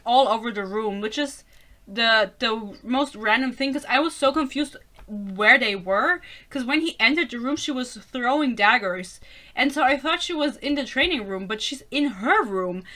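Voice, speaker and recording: A young woman whose first language isn't English rants casually about a book, sarcastic and exasperated, swearing often and bursting into laughter. Her voice sits high, with a bright, forceful tone.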